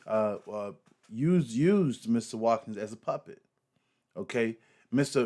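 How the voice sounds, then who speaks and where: A man's voice: medium pitch, darkish tone. A man hosting a reaction commentary, talking emphatically with frequent repeats, fillers and swearing. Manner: emphatic, repetitive, profane, fillers. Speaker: host.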